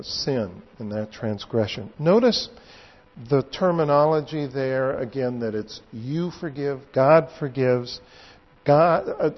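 A man preaching a sermon, explaining scripture in a deliberate way and stressing key words. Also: mid-range voice. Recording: dull lo-fi church hall recording.

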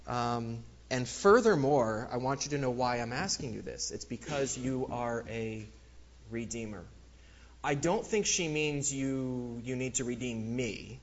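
A man giving a casual, lively Bible lecture, with many fillers, acting out the quoted lines. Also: mid-range voice, a little slow, lo-fi sound. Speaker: Bible teacher. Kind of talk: lecture on scripture.

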